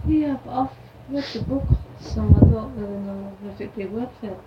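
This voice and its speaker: A woman's voice: fairly high pitch, normal speed, dull audio. A woman co-hosting a casual podcast, making playful, joking asides. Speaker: podcast co-host. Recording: distant echoey mic under loud hiss.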